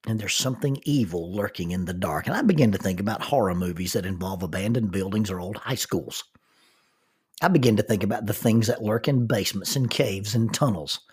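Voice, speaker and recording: A man telling a personal story in a folksy, self-mocking way, speeding up and slowing down for effect. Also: on the low side, a little mellow, breathy edge.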